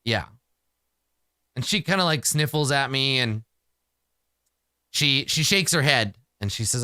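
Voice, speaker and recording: Lively, bright-voiced man narrating solo game. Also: medium pitch, unhurried, long pauses, dry recording, studio quality. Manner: casual, profane, exasperated rambling.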